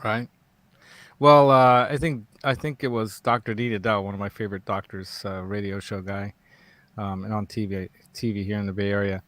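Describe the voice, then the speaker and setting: A man's voice: fairly low pitch, fairly even intonation, normal speed, a bit bright, no echo. A man hosting a casual live talk show, rambling and digressive and laughing often. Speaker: host. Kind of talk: casual livestream chat.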